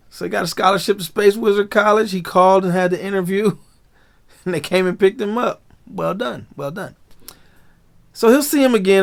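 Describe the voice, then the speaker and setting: A man hosting a casual, animated episode breakdown, full of slang and laughter. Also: high voice, creaky. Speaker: show recap host.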